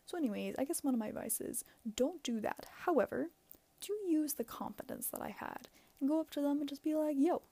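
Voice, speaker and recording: A woman's voice: sits high, animated, fairly quick, dark tone, dry recording. A young woman hosting a casual solo advice podcast, rambling and self-mocking, with lots of "like" and frequent laughter. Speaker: podcast host.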